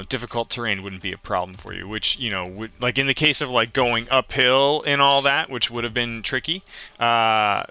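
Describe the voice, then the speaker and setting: A man narrating and explaining rules as game master of a tabletop game, with many pauses and fillers. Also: mid-range voice, sharp tone, clean tone. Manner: halting, filler-heavy explaining.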